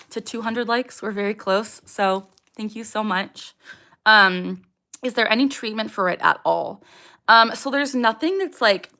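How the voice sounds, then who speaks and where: Gravelly bright-voiced young woman streamer. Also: mid-range voice. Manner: candid, with frequent ums and vocal tics. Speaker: livestream host. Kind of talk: casual livestream chat, reading viewer questions.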